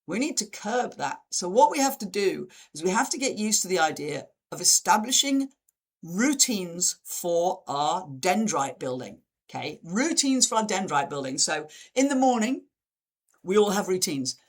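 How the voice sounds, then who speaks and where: A woman's voice: moderate pace, slightly rough. A woman giving a live online talk as presenter, over a video call, acting out quoted reactions with big sudden jumps in voice. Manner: lively, acts out dramatic quotes with big pitch jumps. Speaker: webinar presenter.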